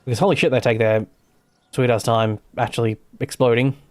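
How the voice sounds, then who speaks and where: An Australian gaming streamer talks briskly in a steady, mid-range voice during casual live commentary. He rambles, corrects himself along the way and throws in the odd swear.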